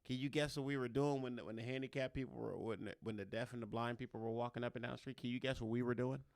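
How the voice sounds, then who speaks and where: A man hosting a casual podcast chat, telling profane stories full of laughter and loud bursts. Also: medium pitch, fairly even intonation, fast, dry recording, studio quality. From Los Angeles. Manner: profane, laughing, loud when acting out his story. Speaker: podcast host.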